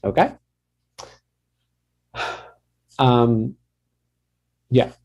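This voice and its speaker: A man's voice: mid-range voice, animated, very slow, darkish tone. A middle-aged man, a marriage counselor, giving a conversational workshop talk to a group and often laughing and calling on participants.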